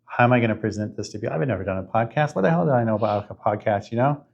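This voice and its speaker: Man, fifties, podcast host, low voice, earnest, stop-start casual storytelling. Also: vocal fry, muffled recording. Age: 50s. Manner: earnest, halting, many restarts.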